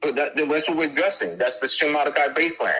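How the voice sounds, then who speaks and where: A man's voice: fairly high pitch, fast talker, gravelly, bright, forceful tone, slightly rough, poor audio. A man answering audience questions in a lecture, emphatic and repetitive, restarting his sentences often.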